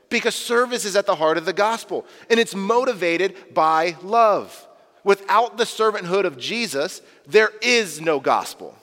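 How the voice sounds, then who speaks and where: A male pastor preaches in an earnest, animated way, slipping briefly into the voices of the people he quotes. His voice sits a little high for a man. A long reverb trails after each phrase. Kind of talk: sermon.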